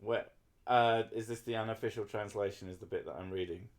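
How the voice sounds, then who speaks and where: A tipsy man streaming, chatting in a silly, laughing way and doing deadpan mock readings. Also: lowish voice, a little fast. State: a bit drunk. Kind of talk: tipsy casual stream chat.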